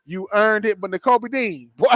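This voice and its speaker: A man co-hosting a live sports talk show, animated and playful, with slangy, repetitive speech. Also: sits high, normal speed, dry recording. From Southern US. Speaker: co-host and former player.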